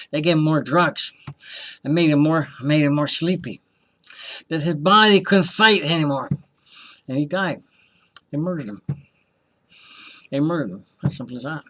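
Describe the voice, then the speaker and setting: A man's voice: fairly high pitch, expressive, moderate pace, pauses often, a bit bright. A man telling his own story as a former hospital patient, impassioned and accusing, often repeating himself and acting out the voices of people he quotes. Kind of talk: personal testimony, storytelling.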